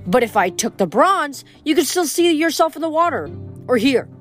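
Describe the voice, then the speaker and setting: A woman reading aloud, voicing a lively teenage boy mechanic who talks briskly and coaxingly. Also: high-pitched, soft background music, voice pushed up. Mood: coaxing, persuasive.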